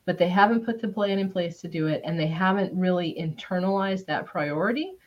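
A woman's voice: lowish voice, fairly quick. A woman talking in a casual coaching chat, emphatic, acting out quoted thoughts in a raised voice. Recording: slightly dull lo-fi sound.

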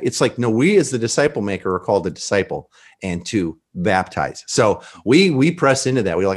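A man talking about faith in a relaxed interview, animated and preachy, often quoting scripture and acting out dialogue. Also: fairly low pitch, brisk. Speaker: pastor guest. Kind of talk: conversational podcast interview.

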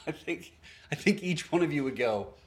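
A man's voice: fairly high pitch, animated, slow. A man preaching a sermon, earnest and storytelling, acting out both sides of a conversation with small laughs at himself. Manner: storytelling, quoting others in varied voices; earnest, with self-deprecating laughs. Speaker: pastor.

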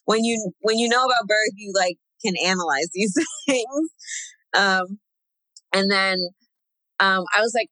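A young woman recounts a personal story in a relaxed, rambling way, full of fillers and little laughs. Her voice is bright, and the recording is dry and close, with no room sound. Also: mid-range voice, a little slow, dry recording, poor audio. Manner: chatty, many fillers, laughs while telling. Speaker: guest sharing a birth story. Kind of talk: casual conversational storytelling.

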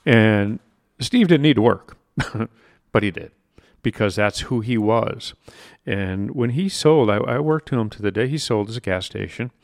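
A man's voice: lowish voice, animated, a little slow, gravelly, no echo, studio quality. A man hosting a podcast, telling a motivational personal story in a conversational way, with asides to the listener. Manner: conversational, with frequent asides and restarts. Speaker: podcast host.

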